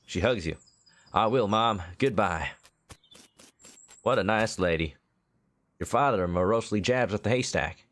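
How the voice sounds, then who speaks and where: A man's voice: lowish voice, normal speed, fairly bright tone. A male game streamer reading game text aloud and joking, slipping into a mock southern drawl.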